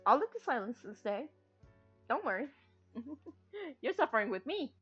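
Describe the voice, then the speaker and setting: A woman's voice: on the high side, sing-song, moderate pace, fairly bright tone, breathy edge, faint music behind. A woman streamer chatting casually and rambling, giggling often and swearing freely as she jokes around. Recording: dull lo-fi stream audio.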